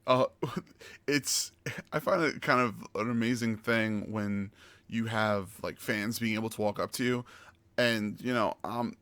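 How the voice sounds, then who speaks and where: A man's voice: lowish voice, measured pace, a bit bright, clean tone, no echo. A man hosting a casual podcast interview, friendly and encouraging as he asks questions. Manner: friendly, encouraging, laughs along. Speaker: podcast host, streamer.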